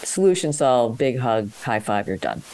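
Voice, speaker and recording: A woman with a very deep voice hosts a call-in coaching show. She talks with lively energy as she guides a caller through a tricky workplace conversation. She keeps slipping into short role-played lines to show what to say. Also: normal speed, a little hiss or hum. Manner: energetic, coaching, acts out sample dialogues.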